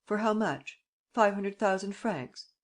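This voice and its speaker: A woman reading an audiobook, voicing a suave, teasing male gentleman thief who gives brisk commands. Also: medium pitch, pitched above the performer's own voice, natural voice.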